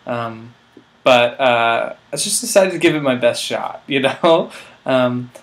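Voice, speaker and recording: A man's voice: medium pitch, slow, fairly bright tone. A man in his twenties telling a rambling, self-mocking comic story, full of filler words. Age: 20s. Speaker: vlog host.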